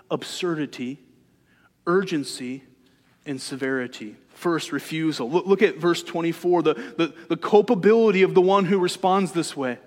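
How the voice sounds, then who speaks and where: A man preaching a sermon, with a voice that sits a little high for a man. He keeps it conversational and leans on rhetorical questions. The sound carries a long hall reverb. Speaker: pastor.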